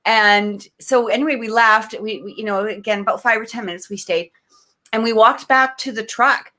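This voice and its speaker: A woman from Canada, co-hosting a podcast, tells a personal story in a lively, emotional way, full of restarts and fillers. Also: on the high side, normal speed. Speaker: podcast co-host. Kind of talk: casual storytelling in an interview.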